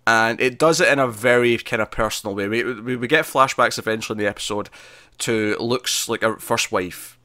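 A man hosting a podcast, retelling a TV episode in casual chat, animated and laughing, with many fillers and restarts. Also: medium pitch, brisk, dry recording, studio quality. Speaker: podcast host reviewing a TV episode.

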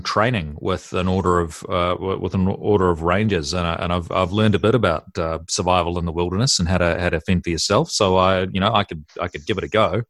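A man playing a tabletop game, speaking in character with lots of halting restarts. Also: low-pitched, a bit bright, no echo, clean studio sound. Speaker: player.

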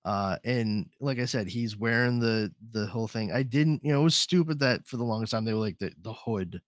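A man's voice: medium pitch, brisk, no echo, studio quality. A man hosting a podcast in casual chat, rambling and swearing freely. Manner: rambling, profane, animated. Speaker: podcast host.

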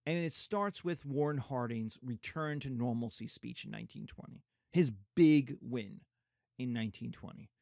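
A middle-aged man lecturing on history in an animated way, slipping into mocking asides. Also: mid-range voice, moderate pace, gravelly, no room sound, clean studio sound.

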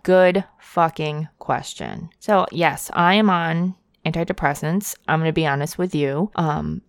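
A woman's voice: sits low, unhurried, few pauses, dry recording, studio quality. A young woman hosting a casual monologue, candid and profane, with frequent tangents and laughter.

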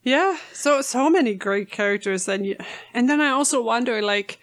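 A woman's voice: a little high, moderate pace. A woman co-hosting a casual book chat, retelling the plot and laughing often. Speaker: podcast co-host.

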